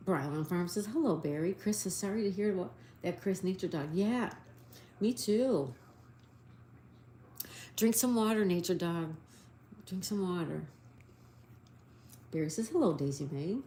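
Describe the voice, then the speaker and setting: A woman hosts a relaxed live stream, working through answers and reading out viewer messages. She talks slowly and spells each word letter by letter. Her voice is mellow and sits a little low. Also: slight background noise. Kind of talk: casual live-stream chat.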